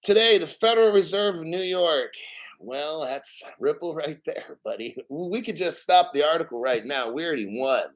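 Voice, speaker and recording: A man's voice: a little high, expressive, normal speed, low-quality recording. A man hosting a crypto channel, reading an article aloud with boastful, profane commentary, laughing and getting emotional. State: emotional, near tears.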